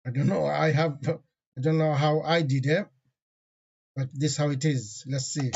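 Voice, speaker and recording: Guy teaching a grammar class online, voice a bit high, muffled lo-fi sound, keeps asking the class questions. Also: steady tone, unhurried, gravelly, darkish tone, slightly rough. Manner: asks the class questions, reads Arabic parsing terms.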